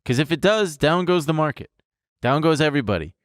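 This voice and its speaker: A man's voice: on the high side, expressive, a little fast, no room sound, clean studio sound. A young man co-hosting a casual comedy podcast, throwing in wry, sarcastic quips. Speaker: podcast co-host.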